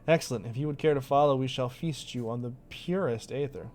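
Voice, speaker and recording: A man reading game dialogue as a formal, stately ancient scholar, measured and polite. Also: mid-range voice, darkish tone, soft background music, close to an everyday voice.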